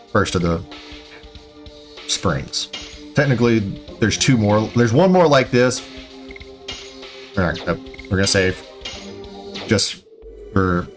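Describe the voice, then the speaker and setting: A man recording a let's play, casually talking viewers through the route with rambling, self-correcting directions. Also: fairly low pitch. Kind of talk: casual gameplay commentary, walkthrough guide.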